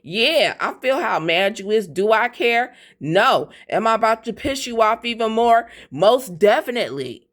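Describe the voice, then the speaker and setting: A woman's voice: on the high side, lively intonation, unhurried, hardly any pauses, fairly bright tone. Blunt, profane woman reading tarot. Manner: blunt, profane, fiery and defiant. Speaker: tarot reader.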